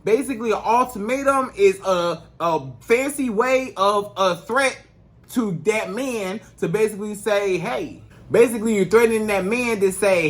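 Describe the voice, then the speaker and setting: A dating coach monologue: the man talks directly to camera, hammering home repetitive, emphatic advice in casual slang. He has a high voice and speaks at normal speed.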